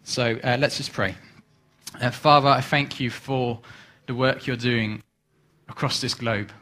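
A man's voice: medium pitch, a little slow. Man telling a joke. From East Anglia, England. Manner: lively storyteller, self-deprecating. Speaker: guest speaker, overseas mission leader. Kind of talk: church talk with a told joke.

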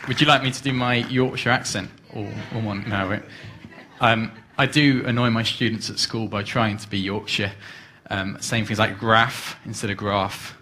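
A man giving a church talk, a lively, self-deprecating storyteller. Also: lowish voice, moderate pace, a little hiss or hum. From East Anglia, England. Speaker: guest speaker, overseas mission leader. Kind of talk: church talk with a told joke.

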